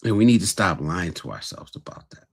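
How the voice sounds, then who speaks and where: A man's voice: deep voice, very animated, brisk, vocal fry, breathy edge. A man hosting a casual livestream, talking bluntly and earnestly to his viewers. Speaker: livestream host.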